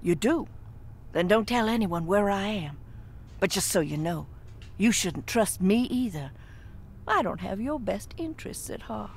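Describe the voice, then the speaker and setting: A woman's voice: mid-range voice, animated, a little slow, darkish tone, a little hiss or hum. A woman voicing a distrustful young woman who hides in a crypt in a video game, curt and scolding. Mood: cold. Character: hostile secretive young woman hiding in crypt.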